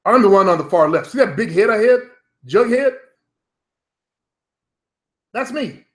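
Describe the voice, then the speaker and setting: A man's voice: high-pitched, lively intonation, a little slow. A middle-aged man vlogging at home, talking bluntly and profanely straight to his viewers in a loose, rambling monologue. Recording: roomy echo.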